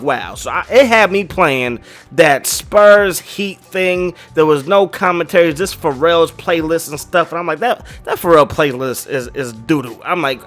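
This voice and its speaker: A man with a slightly high voice gives loose, rambling commentary as he plays a video game. He talks in a slangy, chatty way and keeps checking in with his viewers. Faint music runs underneath. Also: a bit bright. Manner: rambling and chatty, full of slang and "you know what I mean". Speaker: gaming YouTuber. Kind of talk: casual commentary while playing a game.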